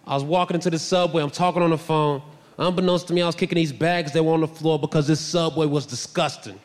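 A young man doing a stand-up set, swinging between shouty punchlines and low, muttered asides. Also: steady tone, fast. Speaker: stand-up comedian. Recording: live club recording with long reverb.

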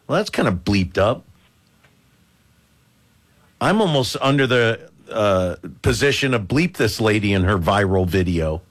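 A man hosting a talk radio show who spins a joking, self-mocking story. His voice swings up and down in a lively way as he tells it. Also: lowish voice, a little slow, long pauses. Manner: animated, joking, self-mocking dad humor. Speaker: radio host.

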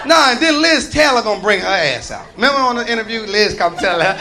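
Very high-voiced, profane stand-up comic. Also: male voice, sing-song, quick pace, hardly any pauses. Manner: profane, loose, riffing. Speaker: stand-up comedian. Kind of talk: stand-up comedy. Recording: live stand-up with crowd noise.

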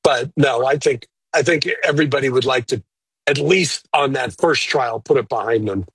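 A man who works as a lawyer, giving blunt, opinionated but measured answers in an interview. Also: mid-range voice, fairly bright tone, breathy edge, no room sound, low-quality recording. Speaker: lawyer guest.

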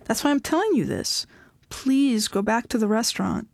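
A woman voicing an estranged wife who speaks firmly, flatly and with worn patience. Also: a little high, moderate pace, vocal fry, no echo. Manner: firm, flat, impatient.

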